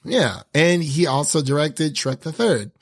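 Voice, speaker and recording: A man's voice: a little high, a little slow. A man hosting a casual film review chat, hesitant, with many ums and restarts. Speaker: podcast host.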